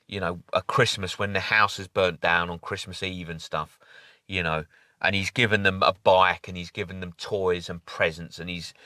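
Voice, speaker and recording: A man's voice: on the low side, bright, forceful tone, no room sound, clean studio sound. A man talking casually to camera in a rambling opinion monologue with many fillers and restarts. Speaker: vlogger.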